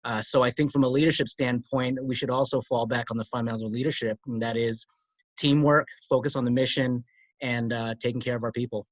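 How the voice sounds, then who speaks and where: A man speaking as a panelist on a video call, giving measured advice with a few fillers. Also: medium pitch, fairly even intonation, no room sound, low-quality recording.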